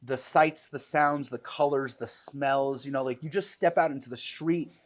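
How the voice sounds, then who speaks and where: A man who judges dog sports chats casually on a podcast, telling lively stories and leaning on "you know" a lot. His voice is mid-range and his pace moderate.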